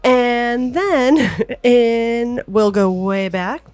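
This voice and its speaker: A woman's voice: on the high side, very slow, darkish tone, clear, resonant tone, no room sound. Giggly podcast co-host girl, dry close-mic, laughs a lot while reading notes. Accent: Floridian American. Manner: giggly, reads birthday notes with frequent laughs. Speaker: co-host reading a music history segment. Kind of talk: casual podcast chat.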